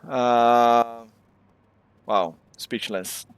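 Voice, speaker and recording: A man from Brazil, hosting and calling a sim race with excitable, exclamatory play-by-play. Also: medium pitch, extremely slow, gravelly, clean tone, no echo. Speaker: race commentator and host. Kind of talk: live sim racing commentary.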